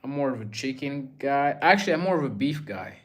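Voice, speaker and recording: A man's voice: medium pitch, animated, a little fast, a bit bright. A young man casually chatting on a livestream, reading viewer messages aloud and musing in a laid-back way.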